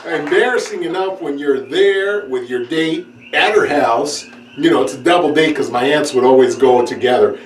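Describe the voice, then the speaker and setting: A man telling a funny story from his childhood, laughing often and acting out the people in it with a high voice. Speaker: comedian. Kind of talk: sit-down comedy storytelling. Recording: roomy echo, distant mic, clear background noise.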